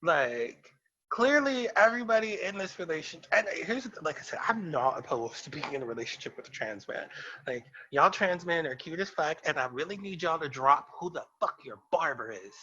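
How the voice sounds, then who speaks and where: A man's voice: on the high side, expressive, brisk, sharp tone, breathy edge, lo-fi sound. A man co-hosting a casual podcast chat, ranting in a sassy, emphatic way. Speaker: podcast co-host.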